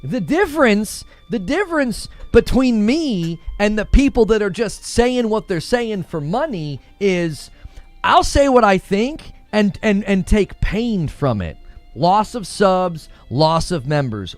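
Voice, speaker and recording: A man's voice: sits high, sing-song, slow, no echo, soft background music. A man hosting a gaming live stream, giving heated, emphatic commentary and repeating phrases for effect. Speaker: gaming channel host.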